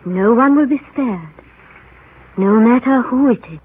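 A woman's voice: a little high, expressive, unhurried, breathy edge. An actress playing a stern middle-aged aunt who rules her household, speaking in a firm, formal way in an old radio drama. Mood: commanding. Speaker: aunt and guardian. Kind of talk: 1930s radio drama acting. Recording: narrow phone-like old radio broadcast with faint hiss.

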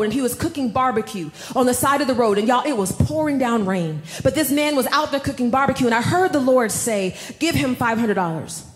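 A woman preaching a sermon, telling a personal story with animated delivery and calling the audience y'all. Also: high voice, roomy sound.

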